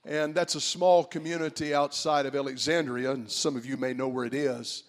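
A man preaching a sermon, moving from quiet storytelling to shouted preaching. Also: mid-range voice, steady tone, normal speed.

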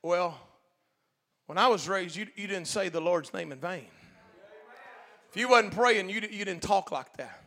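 A man preaching a Pentecostal sermon as pastor, talking in a folksy, colloquial way and swinging from quiet asides to loud shouted preaching. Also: sits high, unhurried. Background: faint congregation.

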